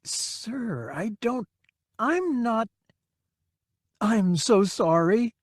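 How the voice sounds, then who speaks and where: A man putting on a young woman pilot with a raised, quiet voice, courteous and slightly flustered. The read is close-miked and dry. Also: sits high, sing-song, very slow, dry recording, pitched above the performer's own voice, exaggerated voice. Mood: polite, flustered. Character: young woman pilot, polite and gently awkward.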